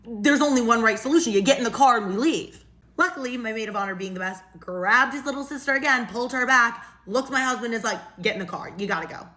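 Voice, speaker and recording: A woman telling a story to her camera in an animated, exasperated way. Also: a little high. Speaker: storytime vlogger. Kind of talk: casual storytelling.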